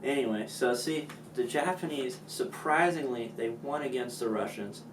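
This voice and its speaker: A man's voice: mid-range voice, moderate pace, reverberant, distant mic, background noise. A man explaining history casually, joking and using many fillers. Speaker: student presenter.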